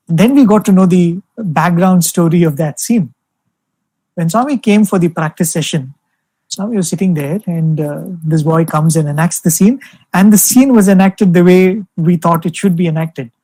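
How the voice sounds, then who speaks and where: A young man gives a devotional talk over a video call, telling stories gently with lots of "you know" fillers. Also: on the high side, no echo, rough recording. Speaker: spiritual speaker addressing alumni.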